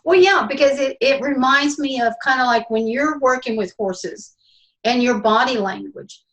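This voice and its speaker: A woman guest talks casually in a chatty, meandering way, restarting her sentences as she goes. Her voice sits somewhat high. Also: normal speed, fairly bright tone, poor audio. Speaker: podcast guest, horse trainer. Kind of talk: casual chat.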